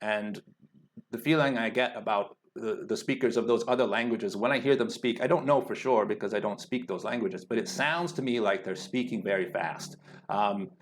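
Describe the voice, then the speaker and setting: A man teaching an exam-prep lesson, speaking slowly and deliberately, thinking aloud with frequent fillers and restarts. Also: fairly low pitch. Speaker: IELTS teacher. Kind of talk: explanatory lesson talk.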